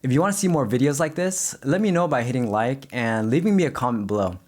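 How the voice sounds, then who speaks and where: A man teaching language pronunciation, speaking slowly and carefully and modeling single words clearly. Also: mid-range voice, lively intonation, a little mellow. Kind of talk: explaining pronunciation to the camera.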